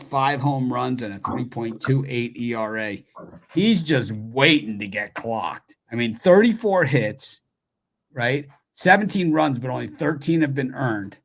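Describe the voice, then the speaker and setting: A man of middling pitch hosting a live betting show. He runs through the matchups playfully, repeating names for laughs and rattling off numbers. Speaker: host of live sports picks show. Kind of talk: live sports picks show chat.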